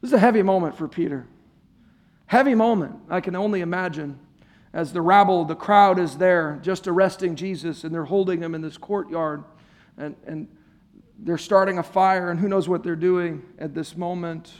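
A man's voice: high voice, moderate pace. A man preaching a sermon to a congregation in a church, conversational and playful, joking with his listeners. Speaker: pastor. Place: church service before a congregation.

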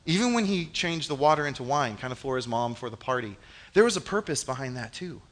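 A young man giving a casual sermon, reading scripture and acting out the scenes in an animated, joking way. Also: medium pitch, brisk. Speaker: preacher. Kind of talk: casual youth-style sermon with Bible reading.

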